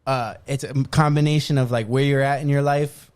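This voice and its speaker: A man co-hosting a podcast, talking through his thoughts in a loose, rambling way. He leans on fillers and drops in swear words. His voice has a middle pitch. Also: fairly even intonation, brisk, a little mellow, clean tone. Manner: rambling, reflective, heavy with fillers and profanity. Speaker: podcast co-host. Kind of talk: casual chat.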